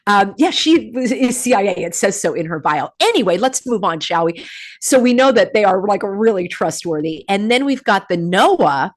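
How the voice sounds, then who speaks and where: A middle-aged woman hosting a casual commentary for her viewers, animated and sarcastic, often breaking into laughter. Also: mid-range voice, moderate pace. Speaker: host.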